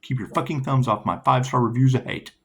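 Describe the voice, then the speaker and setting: A man's voice: quick pace, a bit bright, a little hiss or hum. A man giving a casual tarot reading, rambling and profane, laughing often. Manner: rambling, profane, laughs often, reads card text in a lilting high voice. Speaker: tarot reader.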